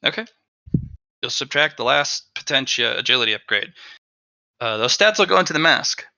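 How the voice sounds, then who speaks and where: Animated, bright-voiced man running a game. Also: medium pitch, moderate pace, gravelly, no room sound. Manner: animated, restarts while explaining rules. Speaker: game master. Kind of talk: narrating a tabletop game. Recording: dull lo-fi dry recording.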